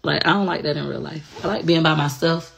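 A woman's voice: deep voice, fairly even intonation, brisk, creaky, slight background noise. A woman in casual confessional chat, talking bluntly and frankly with plenty of profanity. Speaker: online personality.

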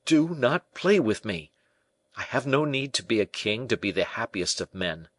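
Young prisoner prince, pleading and distrustful, a guy reading him in a lowish, dry audiobook voice. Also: expressive, brisk, a bit bright, no room sound. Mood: anguished. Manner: pleading, impassioned, rising pitch. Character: young imprisoned male prince, anguished and distrustful.

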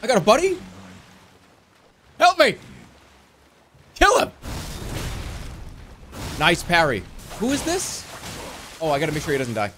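A man streaming a video game, casually chatting and telling a long, excitable story, swinging from low mumbles to yelps. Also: fast, noisy background. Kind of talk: casual gameplay commentary.

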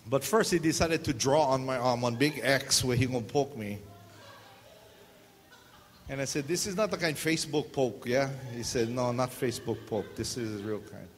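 Man, pastor, joking sermon, long church reverb, faint hiss. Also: medium pitch. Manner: joking, animated, acts out dialogue. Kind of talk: humorous sermon storytelling.

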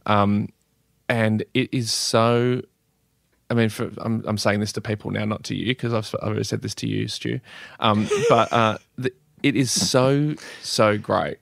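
A man's voice: lowish voice, fairly even intonation, measured pace, creaky, no echo, studio quality. An Australian man co-hosting a podcast, chiming in with teasing jokes in casual banter. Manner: teasing, jokey interjections. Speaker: podcast co-host.

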